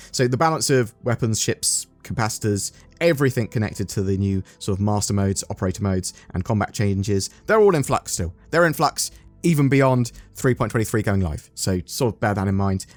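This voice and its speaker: An English man hosting a gaming news channel, talking casually and often saying "sort of". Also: fairly low pitch. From England. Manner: chatty, often says "sort of".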